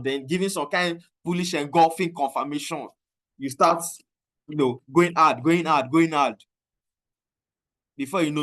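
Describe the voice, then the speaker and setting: A man with a Nigerian accent telling a casual, animated story about trading and often mixing in Pidgin. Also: on the high side. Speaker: trading coach. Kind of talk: casual talk.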